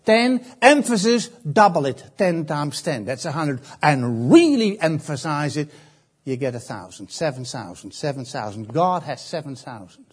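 A man preaching a sermon, slow and emphatic, often repeating phrases and pausing. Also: fairly high pitch, big pitch swings, breathy edge.

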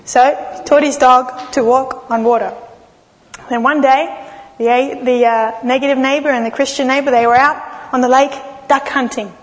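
A woman preaching a sermon, telling stories expressively and slowing down for dramatic pauses. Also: high voice, steady tone. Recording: long reverb of a large hall.

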